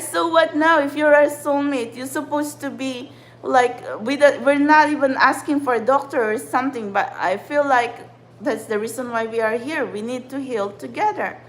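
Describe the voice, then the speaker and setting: A woman's voice: sits high, moderate pace, poor audio. A woman, a spiritual channeler giving an upset, ranting monologue to her followers and swearing often. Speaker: spiritual channeler and tarot reader. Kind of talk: impassioned livestream monologue.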